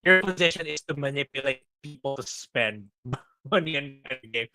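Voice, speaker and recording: A man's voice: mid-range voice, animated, moderate pace, sharp tone, no echo. A man co-hosting a podcast over a lagging video call, rambling and scoffing with many fillers. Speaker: podcast co-host. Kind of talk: casual chat. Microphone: video call on a lagging connection.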